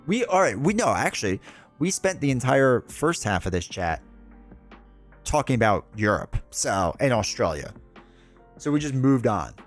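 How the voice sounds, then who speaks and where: A man talks loosely and casually to his stream chat, drifting from one story to the next with frequent laughs. His voice sits at an everyday middle pitch, with soft music playing faintly behind him. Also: big pitch swings, moderate pace. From United States. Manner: rambling, chatty, laughs often. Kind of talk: casual livestream chat with viewers.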